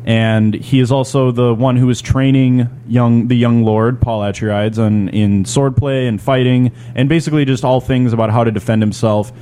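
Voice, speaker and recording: A man's voice: mid-range voice, steady tone, moderate pace, hardly any pauses, mellow, smooth. A man co-hosting a casual podcast chat, explaining things at length with many restarts and fillers. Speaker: podcast co-host.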